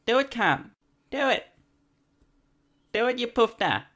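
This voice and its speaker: A man doing a bright-voiced crude Australian passenger. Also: very high voice, very animated, measured pace, exaggerated voice. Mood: defiant. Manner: crude, belligerent, insulting. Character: confused, rude adult passenger lost at the welfare office.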